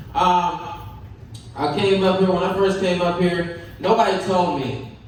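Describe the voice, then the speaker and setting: A young man from the Caribbean, his voice pitched high, runs a loose and profane stand-up set and chuckles at his own lines. He is picked up from far off in a very echoey comedy club with a faint hiss beneath him. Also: fairly even intonation, measured pace.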